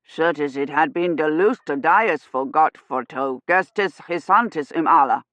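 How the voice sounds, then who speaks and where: A woman voicing a rough medieval man speaking in a low, archaic manner. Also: measured pace, fairly bright tone, dry recording. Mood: solemn.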